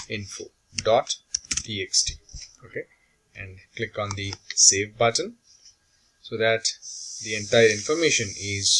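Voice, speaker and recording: A man giving a slow, step-by-step software tutorial, walking through each action on screen. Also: fairly low pitch, slight background noise, rough recording.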